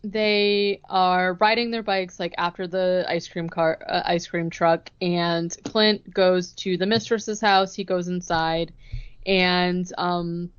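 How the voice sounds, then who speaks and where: A woman co-hosting a podcast, recapping a movie plot in a casual, chatty way and acting out the characters' lines in quick bursts. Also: fairly low pitch, fairly even intonation, clear, resonant tone, muffled recording. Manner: chatty, retells scenes with quick acted-out quotes. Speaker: podcast co-host.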